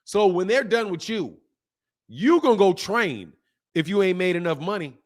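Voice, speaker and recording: A man's voice: high voice, expressive, moderate pace. A man hosting a boxing channel, ranting to his viewers in a heated, profane way, repeating his points over and over and reading out viewer comments. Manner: heated, profane, hammering repetition; reads viewer comments aloud.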